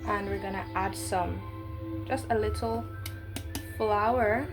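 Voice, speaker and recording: A woman's voice: medium pitch, steady tone, takes it slowly. Slangy woman rambling thru a baking vlog, cheeky asides, music playing under her. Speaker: baking vlogger.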